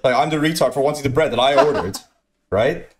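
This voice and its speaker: A young man telling a profane, aggrieved story in a rambling rant, full of repeats and quoted lines. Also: a little hiss or hum. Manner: aggrieved, profane, repetitive, fast-swinging pitch. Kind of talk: ranting anecdote.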